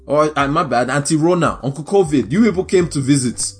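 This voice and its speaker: A man's voice: a little high, animated, brisk, husky, soft background music. A man doing an exasperated elder shooing a guest. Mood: scolding. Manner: scolding, exasperated, shooing someone out. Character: stern elder scolding an uninvited house guest.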